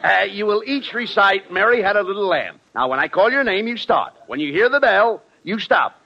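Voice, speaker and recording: Straight man, 1940s radio, gravelly and high, scolding tone, hissy lo-fi broadcast. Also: lively intonation, moderate pace. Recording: noisy dull old radio broadcast.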